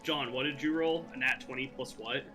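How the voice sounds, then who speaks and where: A man's voice: mid-range voice, fairly quick, music in the background. A man playing a tabletop game, chatting casually, joking and asking about rolls. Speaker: player.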